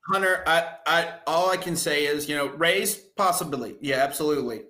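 A man's voice: on the high side, normal speed, sharp tone, roomy sound. A man co-hosting a sports podcast in casual chat, ranting in an exasperated way and often restarting his sentences.

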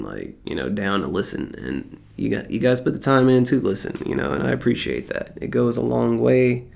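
A young American man hosts his podcast in a rambling, laid-back monologue, joking around and swearing constantly. His voice is mid-range and gravelly.

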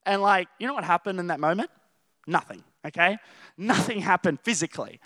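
A young Australian man preaching a casual sermon, rambling and animated, telling stories with laughter and restarts. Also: high voice, fairly quick, dry recording, clean studio sound. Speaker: youth preacher.

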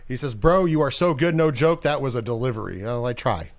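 A man hosting a podcast in casual chat, animated and profane, rambling with restarts. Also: medium pitch, a little fast. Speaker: podcast host.

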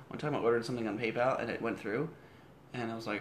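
A man's voice: mid-range voice, fast, slight background noise. A man in casual chat who talks loosely, swears freely and slips into mock voices when he retells things.

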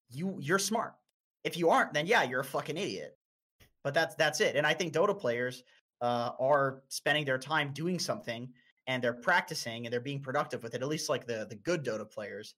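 A man in his twenties from North America, chatting casually as a podcast co-host and telling stories with lots of swearing and sudden high-pitched bursts. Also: fairly quick. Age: 20s. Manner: animated, profane storyteller with sudden high-pitched outbursts. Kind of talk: casual chat.

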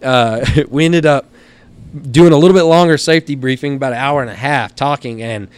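A Texan man telling stories as a guest on a studio podcast, animated and blunt, laughing through his tales and cursing casually. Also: medium pitch, brisk, smooth. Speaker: guest, helicopter hunting outfitter.

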